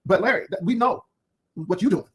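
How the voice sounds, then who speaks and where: A man's voice: high voice, lively intonation, normal speed, a little hiss or hum. A man hosting an unscripted drama commentary video, firing off sassy, cutting put-downs in a rambling way. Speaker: YouTube commentary host.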